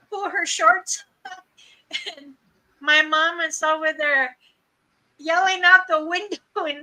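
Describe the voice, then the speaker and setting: A woman's voice: very high voice, bright, forceful tone, poor audio. An older woman hosting a livestream, telling a funny family story casually and laughing often as she goes. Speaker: livestream host. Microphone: streaming mic.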